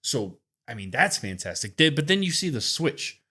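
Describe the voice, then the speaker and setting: A man co-hosting a podcast, giving relaxed opinions on a wrestling show in casual chat. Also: medium pitch, moderate pace, husky. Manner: relaxed, thinking aloud with fillers.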